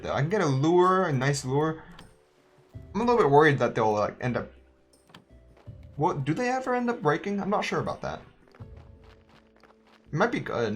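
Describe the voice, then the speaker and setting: A man's voice: a little high, a bit bright. A man giving joking, chatty let's-play commentary, thinking aloud as he plays. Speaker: gaming YouTuber.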